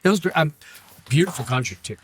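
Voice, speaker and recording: A man, a podcast guest, tells a lively story in casual chat, laughing and acting out what others said. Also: a little high, fast, a little hiss or hum. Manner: animated, laughing, acts out quotes. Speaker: podcast guest, brewery owner.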